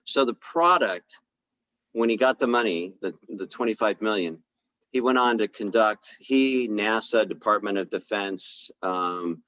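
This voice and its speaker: Man, very low voice, conversational storytelling, acts out quotes, dull lo-fi recording. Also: measured pace, a bit bright, dry recording. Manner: conversational, retells dialogue with fillers. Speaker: chiropractor speaking on a health podcast. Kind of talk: casual storytelling talk.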